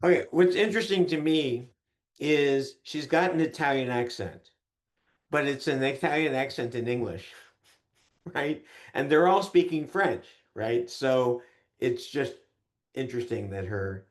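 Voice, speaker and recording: A man teaching an online class in a chatty way, often pausing with fillers. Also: medium pitch. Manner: chatty, with many fillers and hesitations.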